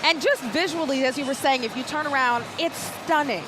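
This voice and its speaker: A woman's voice: high-pitched, a little fast. A woman co-hosting live parade coverage on TV, chatty and bubbly. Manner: chatty, bubbly, breaks into song. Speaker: TV parade co-host. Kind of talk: live broadcast commentary. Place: outdoors at a parade venue. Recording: loud outdoor crowd noise. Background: noisy crowd.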